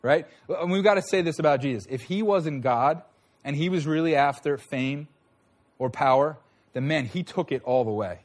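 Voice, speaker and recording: A man's voice: a little high, moderate pace. A man preaching a sermon in a conversational way, often checking in with his listeners. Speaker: pastor.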